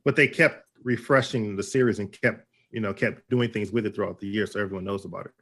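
A man co-hosting a casual podcast, relaxed and conversational, saying "you know" a lot. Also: lowish voice, fast talker, husky. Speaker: podcast co-host. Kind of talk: casual chat.

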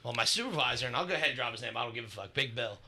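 A man's voice: mid-range voice, animated, very fast, bright, forceful tone. A man co-hosting a podcast, telling a crude, rambling story in casual chat. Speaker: podcast co-host.

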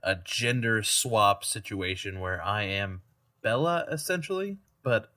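A man's voice: fairly low pitch, animated, unhurried, pushed and bright. A man player on a tabletop game podcast, playful and often laughing. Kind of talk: casual podcast chat.

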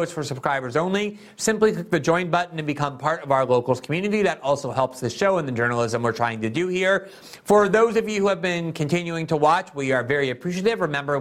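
A man's voice: fairly high pitch, fairly bright tone. Man hosting a political show. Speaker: host.

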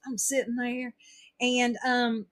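A woman's voice: on the high side, takes it slowly. A woman telling a story in casual chat, acting out what everyone said. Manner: animated storytelling, acts out quoted dialogue.

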